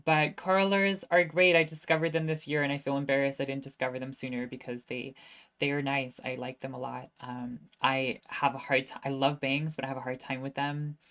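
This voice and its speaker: A woman's voice: very deep voice, flat delivery, fairly quick, a bit bright. A young woman, a student, chatting casually on a livestream and answering viewer questions, self-mocking and laughing often.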